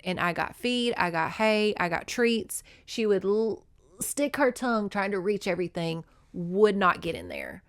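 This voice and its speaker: Brief: young woman podcast host, mid-pitch, blunt and profane storyteller, dry close mic. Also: very animated, measured pace, dry recording. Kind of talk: casual storytelling chat.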